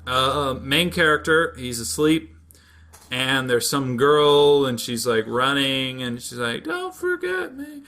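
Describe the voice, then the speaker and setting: Man, podcast host, casual chat, rambling storyteller, bright tone. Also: mid-range voice, takes it slowly. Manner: rambling, animated storyteller who laughs often. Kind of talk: casual chat recapping anime.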